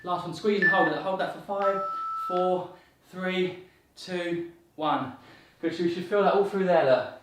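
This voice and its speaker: Heard from a distance with heavy background noise, a high-voiced male fitness coach gives guided workout instruction at a measured pace with few pauses. He counts reps, sounds upbeat and encouraging, and is a little breathless. The room is very echoey and he's off-mic.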